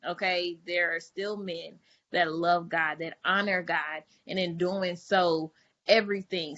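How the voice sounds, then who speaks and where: A woman's voice: fairly low pitch, fairly bright tone. A woman on a faith podcast, talking in an encouraging, affirming way with many fillers. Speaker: podcast co-host. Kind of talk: casual faith talk. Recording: muffled lo-fi audio.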